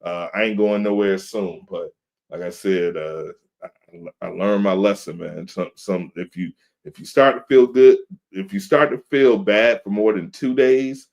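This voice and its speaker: A man's voice: fairly low pitch, unhurried, gravelly, a little mellow. A man in his thirties, co-hosting a podcast in casual chat, telling laid-back stories and acting out quotes. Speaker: podcast co-host. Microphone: video call.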